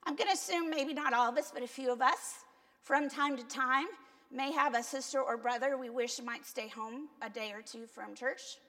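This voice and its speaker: Woman pastor, Cuban accent, chatty sermon delivery with a gravelly edge, long church reverb. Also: high-pitched, normal speed, bright, forceful tone. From Cuba. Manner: conversational, self-deprecating, asks the congregation. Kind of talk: sermon with congregation questions.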